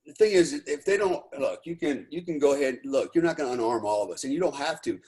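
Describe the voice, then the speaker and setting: A man's voice: medium pitch, lively intonation, fast talker, a little mellow. An American man in casual podcast talk, rambling and profane, packing his speech with "you know". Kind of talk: casual chat.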